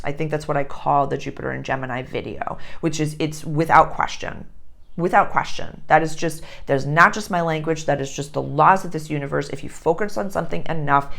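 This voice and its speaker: A woman's voice: sits low, vocal fry. A young adult woman astrologer giving a casual lesson, chatty and repeating her phrases.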